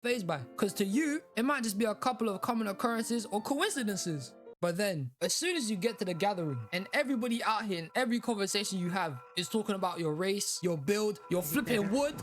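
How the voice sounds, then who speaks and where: A man from London with a London accent giving scripted comedic commentary, incredulous and jumping up in pitch on his punchlines. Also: fairly quick, few pauses. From London, England. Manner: animated, incredulous, rises sharply on punchlines. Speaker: video narrator. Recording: voice-over with music underneath.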